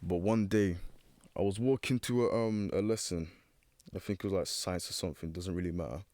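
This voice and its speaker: A young man, his low voice picking its way through a personal story. He talks hesitantly, stacking fillers and restarts as he searches for words. The sound is close and dry, with no room around it. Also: brisk, dark tone, no echo. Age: teens. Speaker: young guest.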